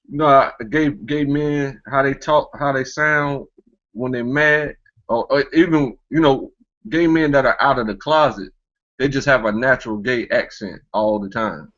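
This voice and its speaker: A man hosts a casual online talk show, rambling along in an unhurried, mid-range, slightly bright voice. He keeps filling gaps with "you know what I'm saying," and the audio sounds dull.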